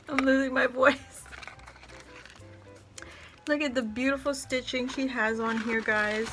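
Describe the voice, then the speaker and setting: A woman with a slightly high voice talks slowly and unhurriedly, gushing over each item as she unboxes craft mail for her channel. Soft music plays faintly underneath. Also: fairly even intonation. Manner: effusive, gushing exclamations. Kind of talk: casual unboxing vlog.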